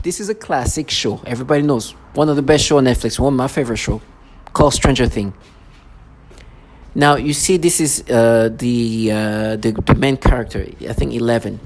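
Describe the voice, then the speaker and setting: A man vlogging at home in an agitated, rambling way, circling back and restarting his sentences. His voice sits at an ordinary middle pitch. Steady background noise runs under the whole recording. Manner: agitated, repetitive, many restarts. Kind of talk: rambling to-camera monologue.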